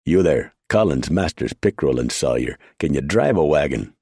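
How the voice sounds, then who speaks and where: A man's voice: extremely low pitch, animated, normal speed, vocal fry, a little mellow, slightly rough, dry recording, clean studio sound, heavily acted. A man voicing a blustering, bullying sergeant major, roaring orders. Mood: bellowing. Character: boisterous Irish army sergeant major, bullying.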